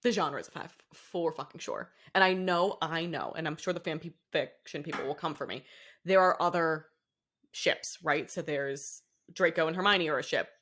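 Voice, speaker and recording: A woman's voice: low-pitched, normal speed, a bit bright. Rambling, laughing woman co-host. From Boston area, US. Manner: rambling, self-interrupting, laughs often. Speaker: podcast co-host. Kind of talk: casual chat.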